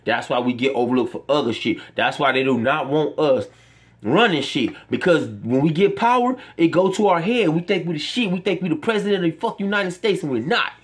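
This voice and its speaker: A man's voice: a little high, lively intonation, a little fast, husky. A man, giving an impassioned, profane monologue to his viewers as a vlogger. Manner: impassioned, profane, preachy ranting. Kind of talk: emotional monologue to camera.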